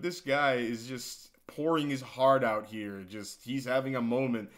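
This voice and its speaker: A man's voice: mid-range voice, a little slow, hardly any pauses, fairly bright tone. A young man giving sarcastic, mocking reaction commentary for an online video. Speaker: commentary youtuber.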